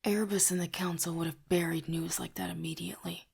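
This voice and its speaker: A woman voicing a brooding young male mage who mutters in a low, half-whispered way, sardonic and bored. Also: measured pace, gravelly, darkish tone, breathy edge, heavily acted.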